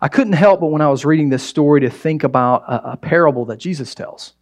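A man preaching a sermon as pastor, talking to the church in a conversational way that jumps between loud exclamations and quiet asides. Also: fairly high pitch, fast talker.

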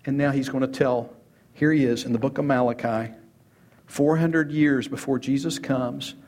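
A man's voice: medium pitch, steady tone, normal speed, a little mellow. A man preaching a sermon as pastor, emphatic, asking rhetorical questions and repeating key words.

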